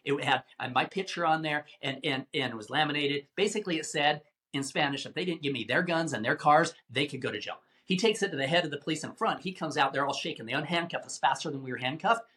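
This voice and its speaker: A man telling a tense story as an interview guest, animated and given to repeating words as he talks. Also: fairly high pitch, quick pace, hardly any pauses. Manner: animated, acts out quoted voices, repeats words.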